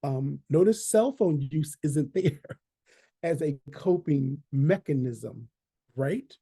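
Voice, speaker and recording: A man's voice: fairly high pitch, lively intonation, takes it slowly, gravelly, warm tone, slightly rough. A man leading a training session, talking conversationally, repeating key phrases and checking in with "right?". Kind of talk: online training talk.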